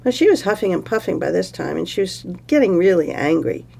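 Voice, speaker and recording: A woman storyteller with a gravelly, creaky voice, narrating in an easy, conversational manner. She pauses and says "uh" now and then as she goes. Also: fairly low pitch. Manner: relaxed, conversational, with fillers. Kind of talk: oral storytelling.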